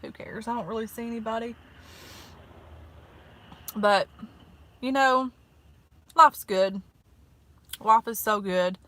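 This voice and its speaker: A woman's voice: a little high, slow pace, long pauses, sharp tone. A woman in her thirties with a Southern US accent, chatting casually in a folksy way from her parked car for her vlog. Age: 30s. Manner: chatty and folksy, peppered with "honey" and "like". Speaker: vlogger. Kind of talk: casual eat-with-me vlog chat.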